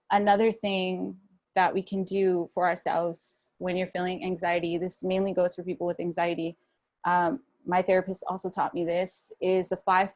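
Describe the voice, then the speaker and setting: A young woman speaking casually to an online audience over a video call from a room at home, relaxed and chatty, with many fillers and restarts. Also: on the low side. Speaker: guest speaker at a wellness webinar. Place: home room with a fan running.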